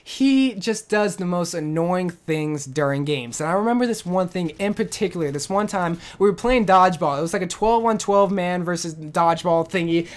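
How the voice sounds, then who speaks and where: A woman gaming commentator telling a storytime rant in a casual, slangy, animated way. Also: medium pitch.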